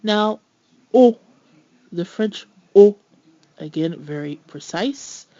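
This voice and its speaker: Woman teacher with a lowish voice, careful and clear, in a dull, dry recording. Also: lively intonation, darkish tone, no echo. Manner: clear, deliberate, slows down to model sounds. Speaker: French teacher. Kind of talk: scripted pronunciation lesson.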